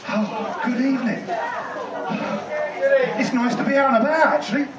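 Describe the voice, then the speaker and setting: High-voiced comedian in an echoey tent. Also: male voice, normal speed, a loud crowd. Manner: rambling, conversational, sweary. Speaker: stand-up comedian. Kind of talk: stand-up comedy set. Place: tent in a car park. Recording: echoey tent, distant mic, noisy.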